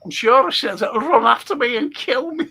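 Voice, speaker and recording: A man, a guest telling animated stories, swearing freely and laughing as he goes. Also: very high voice, normal speed, gravelly, slightly rough. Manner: animated, swears a lot, laughs mid-story. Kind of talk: casual chat, storytelling.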